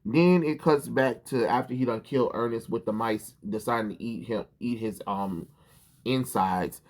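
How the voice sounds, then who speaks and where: A man's voice: medium pitch, moderate pace. Rambling, cussing comic reviewer man. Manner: rambling and profane, heavy with ums and restarts. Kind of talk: casual commentary vlog.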